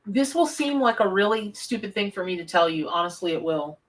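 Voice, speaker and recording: A woman's voice: mid-range voice, lively intonation, fairly quick, recorded from a distance, slight background noise. A woman, live-streaming a tarot reading from her home office, chatty and effusive as she greets viewers. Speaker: tarot reader on a livestream.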